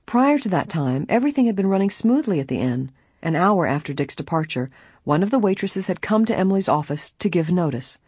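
A woman narrating an audiobook in a measured, clear storytelling manner. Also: fairly low pitch, very animated, darkish tone, dry recording, clean studio sound.

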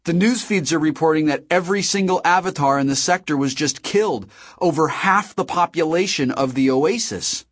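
A man's voice: mid-range voice, expressive, moderate pace, slightly rough, no echo, clean studio sound. A man reading an audiobook, voicing a wry, teasing young woman gamer in a raised voice. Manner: teasing, laughing.

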